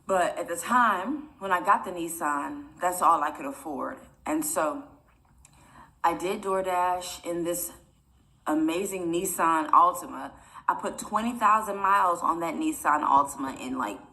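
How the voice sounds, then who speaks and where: Young woman vlogging, kinda low voice, rambly and emotional, keeps saying y'all. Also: measured pace, sharp tone. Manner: rambling, chatty, repeats "y'all" often; emotional, near tears. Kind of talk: personal storytelling to camera.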